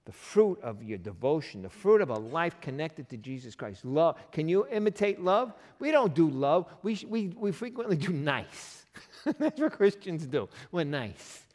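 A man pastor preaching a sermon in a lively, conversational way, firing off rhetorical questions at his congregation. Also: fairly high pitch, moderate pace, long reverb tail.

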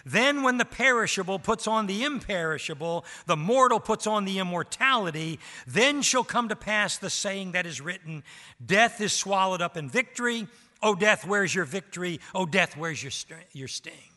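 A man's voice: high-pitched, expressive, moderate pace, bright, forceful tone. A man preaching a sermon as pastor, with rising emphasis and rhetorical questions to the congregation. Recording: reverberant hall.

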